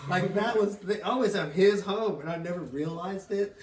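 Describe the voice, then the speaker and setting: A man's voice: sits high, normal speed. Man, middle-aged, casual storytelling, rambling, swears, distant mic, roomy echo. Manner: rambling, laughs often, swears freely. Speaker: podcast co-host and father.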